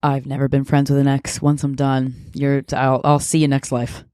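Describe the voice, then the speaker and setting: A man on a podcast panel, chatting casually and playfully, full of quick affirmations. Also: mid-range voice, monotone, darkish tone, clean tone, no room sound, clean studio sound. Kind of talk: casual comedic chat.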